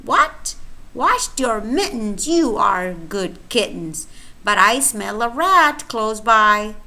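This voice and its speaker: A woman's voice: on the high side, lively intonation, slow pace, sharp tone, full character voice. A woman voicing a stern mother cat in a nursery rhyme who exclaims sharply and then scolds. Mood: scolding.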